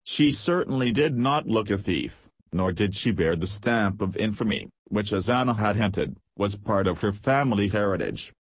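Husky low-voiced male audiobook narrator. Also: animated, normal speed, few pauses, no echo. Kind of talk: scripted narration.

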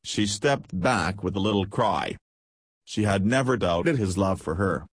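A man narrating an audiobook in a steady, measured reading. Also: low-pitched, husky, no room sound.

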